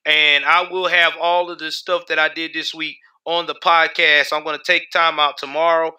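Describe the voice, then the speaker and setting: A man's voice: on the high side, pushed and bright, smooth. A man hosting a live stream, talking back to his chat in heated, profane commentary. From United States. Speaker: livestream host.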